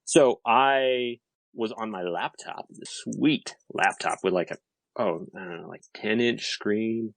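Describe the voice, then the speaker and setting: A man with a fairly low voice tells a long, animated story, piling on fillers as he goes. The sound is dry and close, with no room echo at all. It is relaxed podcast chat. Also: takes it slowly, gravelly. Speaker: podcast guest.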